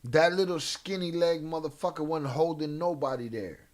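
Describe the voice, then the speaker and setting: Male reaction-stream host, a bit high-pitched, blunt and profane. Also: moderate pace. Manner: blunt, profane, laughs and reads donation messages. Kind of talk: casual reaction chat.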